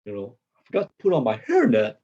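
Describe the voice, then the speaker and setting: A flustered older cracker factory worker rambles and stammers through his complaints, as a man plays him in improv. His pitch swings wildly and his voice is husky. The sound is a dull, lo-fi video call. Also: wildly swooping pitch, quick pace, warm tone. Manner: rambling, stammering, bursts of high-pitched indignation. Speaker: improv performer.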